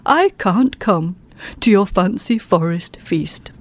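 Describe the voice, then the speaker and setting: A woman's voice: medium pitch, lively intonation, slow, dry recording, pitched below the performer's own voice. A woman doing a busy fox firefighter. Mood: apologetic.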